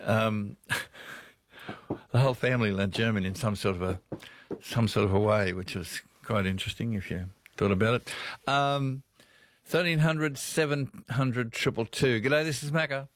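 A man's voice: medium pitch, unhurried. A man with an Australian accent hosting a radio show, telling rambling stories and chuckling as he talks with callers. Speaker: radio host. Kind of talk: casual radio chat.

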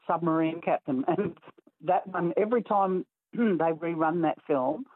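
A woman's voice: on the low side, unhurried. A woman caller chatting on a radio phone-in, casual and giggly. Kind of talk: phone-in chat. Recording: tinny phone line, husky.

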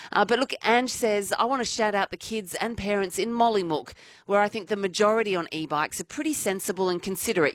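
A woman's voice: on the low side, no echo. A woman hosting talkback radio in a chatty, conversational way, reading out listener messages.

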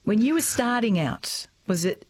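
A woman hosting a radio talk show, brisk and friendly as she steers the conversation. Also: on the high side, lively intonation, a little mellow. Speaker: radio host.

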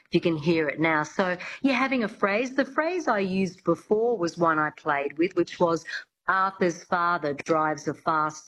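A woman's voice: lowish voice, low-quality recording. A woman, a coach chatting as an interview guest, with lots of restarts and fillers. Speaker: accent coach.

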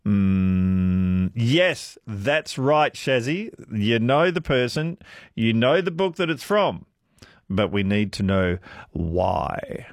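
A man's voice: fairly low pitch, slow, no echo, clean studio sound. A man hosting a late-night talkback radio quiz, chatting with callers in a friendly, jokey way. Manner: friendly, jokey, lively intonation.

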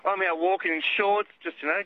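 A man's voice: sits high, steady tone, a little fast. An older Australian man calling in to a radio show, chatty and upbeat, saying mate a lot. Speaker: caller. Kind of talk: casual phone-in chat. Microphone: public phone box. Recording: lo-fi phone line.

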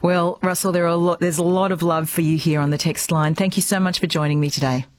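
A woman hosts a radio interview in a low-pitched voice. Her sound is dry and close to the mic. She asks warm, probing questions. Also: fairly even intonation, fast, no echo. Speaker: radio host.

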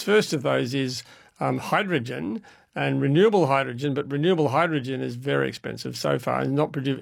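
A man, an expert guest calmly explaining energy issues on call-in radio, with frequent restarts. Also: mid-range voice, vocal fry, no room sound, studio quality.

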